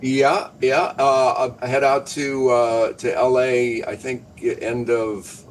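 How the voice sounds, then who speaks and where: An older man, a guest in casual chat, wry and joking with quick quips. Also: mid-range voice, level tone, slight background noise, low-quality recording.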